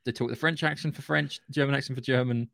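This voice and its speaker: A man's voice: medium pitch, fairly even intonation, fast talker, vocal fry, a bit bright, dry recording, studio quality. A man co-hosting a podcast in casual, rambling chat. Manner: chatty, rambling, restarts often. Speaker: podcast co-host.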